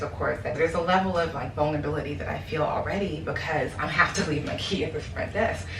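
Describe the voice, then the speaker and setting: Low-voiced woman telling a vlog story. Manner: emphatic, talks straight to viewers. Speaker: vlogger. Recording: roomy, distant mic with steady background noise.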